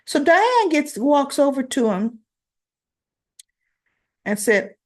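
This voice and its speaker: A woman's voice: high-pitched, sing-song, slow pace. A woman chatting casually as she retells soap opera scenes, acting out the lines with her own asides. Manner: chatty, reenacts dialogue with asides. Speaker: soap opera recap host.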